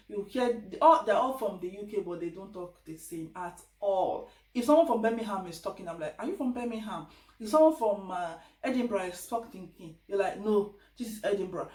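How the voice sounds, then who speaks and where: A Nigerian woman talks straight to her viewers in a chatty, lively way, slipping into little voices when she quotes people. She sits some way back from the mic, so her voice carries the echo of the room around her. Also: medium pitch. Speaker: vlogger. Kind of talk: casual advice vlog. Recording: echoey room, distant mic.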